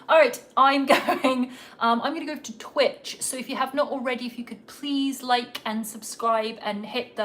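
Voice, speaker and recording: A woman's voice: on the high side, fairly bright tone, slight background noise. A woman from England with a slightly Americanized English accent, chatting casually and rambling on a podcast livestream. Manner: chatty, self-deprecating, rambling. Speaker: podcast host. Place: home in Los Angeles.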